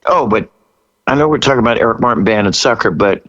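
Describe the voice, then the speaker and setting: Guy in his 60s, rock singer telling a road story, laughs a lot, acts out the voices, animated. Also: lowish voice, fast, highs cut off. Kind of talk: storytelling interview.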